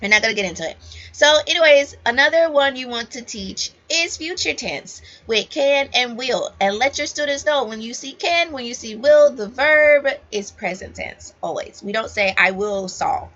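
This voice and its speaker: A woman's voice: high voice, animated, moderate pace, a bit bright. A woman ESL teacher giving casual, emphatic advice to new teachers, repeating key points straight to the viewer. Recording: dull lo-fi audio.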